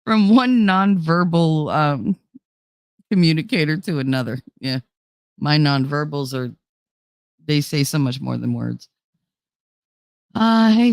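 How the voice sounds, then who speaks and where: A woman chatting casually on a livestream and answering viewer comments. She is blunt and profane and laughs often. Her voice has a gravelly fry, and the sound is dry and close. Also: low voice, animated, slow, long pauses, dry recording. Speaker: livestream host. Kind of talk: casual chat, reading viewer chat.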